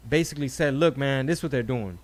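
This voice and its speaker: A man's voice: mid-range voice, fast. A man hosting a casual podcast chat, telling stories animatedly, acting out quotes and swearing freely. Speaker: podcast host.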